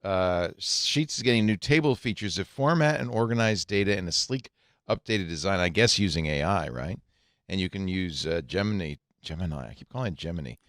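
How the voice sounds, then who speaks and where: A man's voice: low voice, brisk, a bit bright, dry recording, studio quality. An older man hosting a casual tech podcast, reading headlines aloud and adding joking asides. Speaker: podcast host.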